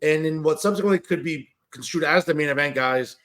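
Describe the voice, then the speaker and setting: A man with a fairly high, slightly bright voice co-hosts a wrestling podcast, talking briskly. He runs through the card in rambling, casual chat, full of "uh" and "you know."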